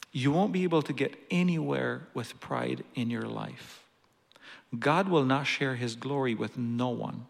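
A man's voice: mid-range voice, measured pace, vocal fry. A man preaching a sermon, telling a personal story earnestly with some restarts. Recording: long reverb of a large hall.

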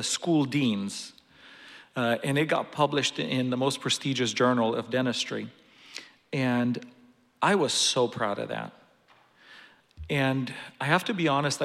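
A man's voice: mid-range voice, fairly bright tone. A man preaching a sermon, telling a personal story earnestly with some restarts. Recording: long reverb of a large hall.

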